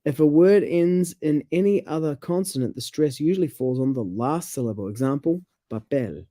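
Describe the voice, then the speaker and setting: A man talks casually about language, stopping and restarting as he reads passages aloud. His tone is deep and mellow, and the sound is close and dry. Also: expressive, normal speed, no echo.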